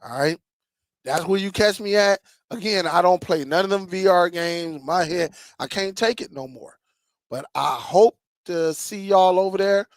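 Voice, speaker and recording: A man with a high-pitched, gravelly voice talks casually to his channel's viewers. He tells stories in an animated way, repeating lines for emphasis. The sound is dry and close. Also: moderate pace, no room sound. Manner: animated storyteller, laughs and repeats himself. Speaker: streaming tech channel host.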